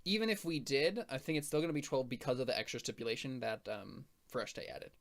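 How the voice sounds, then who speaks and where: A man's voice: mid-range voice, fairly quick, vocal fry, a crowd in the background. A young man acting as game master, narrating casually with lots of fillers and laughs. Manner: rambling, full of fillers and laughs.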